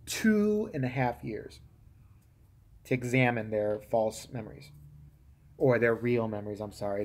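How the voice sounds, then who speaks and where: Husky man ranting profanely on a live stream. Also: medium pitch. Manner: profane, heated, swings between loud outbursts and muttered asides. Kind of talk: casual ranting monologue.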